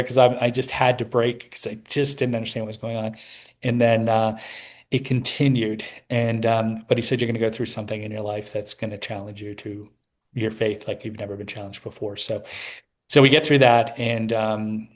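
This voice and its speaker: A man's voice: lowish voice, flat delivery, fairly quick. A middle-aged man telling a personal story as an interview guest, rambling with many restarts.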